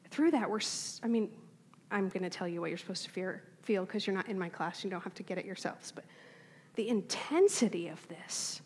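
A woman teacher giving a classroom lecture, animated, checking in with her class and reading passages aloud with emphasis. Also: mid-range voice, normal speed, husky, long reverb tail. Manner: animated, reads text aloud with emphasis, asks class for confirmation.

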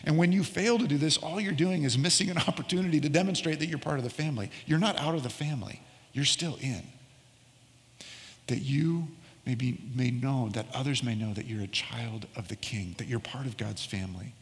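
Middle-aged pastor preaching in a reverberant hall. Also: male voice, medium pitch. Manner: storytelling, slows down for emphasis. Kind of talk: sermon with personal story.

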